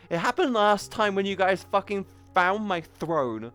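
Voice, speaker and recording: A young woman chats on a live stream into a headset mic, playful, crude and affectionate with her viewers. Her voice sits at a middling pitch, and faint game music plays quietly behind her. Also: moderate pace. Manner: playful, crude, affectionate, calls chat sweetie and baby. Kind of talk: casual live-stream chat. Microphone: headset boom mic.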